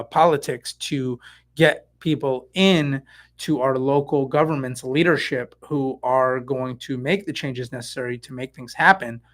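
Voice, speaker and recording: Rambling, excitable middle-aged man. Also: mid-range voice. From San Francisco Bay Area. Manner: rambling and excitable, many fillers and asides. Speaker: real estate agent hosting a live stream. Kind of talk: casual live-stream monologue.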